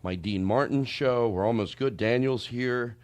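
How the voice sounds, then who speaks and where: A man's voice: mid-range voice, moderate pace, darkish tone, no echo. A middle-aged man hosting a comedy podcast with guests, joking loosely, swearing, and running mock-serious bits. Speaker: podcast host.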